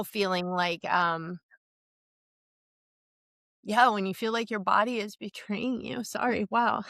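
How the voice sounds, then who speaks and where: Medium in pitch and fairly bright, the voice belongs to a middle-aged woman co-hosting a podcast, heard with no echo. She's blunt, self-mocking and swears heavily during the casual chat.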